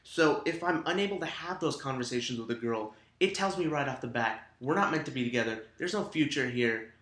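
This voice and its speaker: Blunt guy podcast host, bright forceful voice, slightly high, echoey room. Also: lively intonation, a little fast. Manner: frank, crude, emphatic dating advice. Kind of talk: casual chat.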